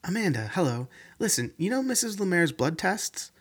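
A man's voice: sing-song, moderate pace, breathy edge, full character voice. A man doing a nervous young woman. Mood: alarmed. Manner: raised pitch, nervous and questioning. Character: young woman, anxious lab worker.

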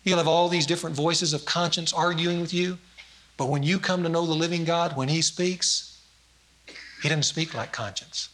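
A man preaching a sermon in a high, ringing voice. He tells stories and acts out quotes, building to emphatic peaks and then dropping low for weight. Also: fairly even intonation, normal speed, a bit bright. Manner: storytelling with acted quotes, rising emphasis.

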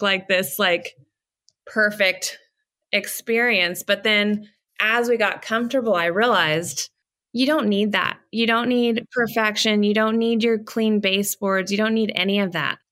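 Bright, animated woman telling stories. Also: medium pitch. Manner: animated storyteller, acts out her own past words. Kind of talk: casual chat.

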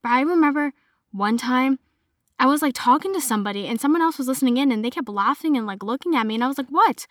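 A woman's voice: high-pitched, expressive, quick pace, dry recording, clean studio sound. A young adult woman with a Boston accent, chatting casually as a podcast host and filling her talk with "like". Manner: chatty, heavy use of "like" fillers. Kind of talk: casual chat monologue.

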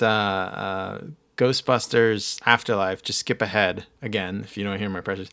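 A man's voice: fairly low pitch, fairly bright tone, clear, resonant tone. A man hosting a casual podcast, chatting in a rambling, self-deprecating way. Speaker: podcast host. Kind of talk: casual chat.

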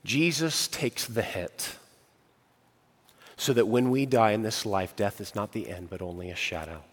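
A man preaching a sermon earnestly, building emphasis and slowing on key phrases. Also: on the low side, long reverb tail. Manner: earnest preaching with rising emphasis and slow pauses. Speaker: pastor.

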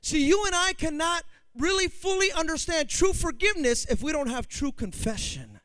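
High, lively-voiced preacher man. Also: moderate pace, no room sound. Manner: emphatic, swings from intimate to booming. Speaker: pastor. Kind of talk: sermon.

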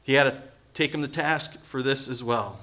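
A man preaching a sermon in a lively, conversational way, acting out quotes and building to loud emphasis. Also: mid-range voice, moderate pace. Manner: animated, acts out quotes, jokes, rises to loud emphasis. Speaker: pastor.

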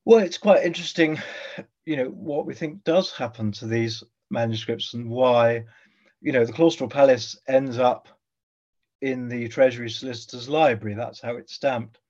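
A man's voice: mid-range voice, moderate pace, a little mellow, lo-fi sound. Man musing with thoughtful hesitation. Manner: thoughtful, hesitant, with frequent fillers. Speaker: guest historian. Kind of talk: conversational interview.

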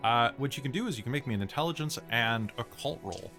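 A man's voice: mid-range voice, animated, fast, bright, forceful tone, soft background music. A man narrating a tabletop role-playing game as game master, hesitant with many fillers.

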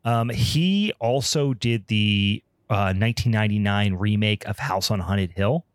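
A man's voice: on the low side, a little slow, no room sound, studio quality. A man hosting a podcast in casual chat, rambling and profane with frequent ums. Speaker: podcast host.

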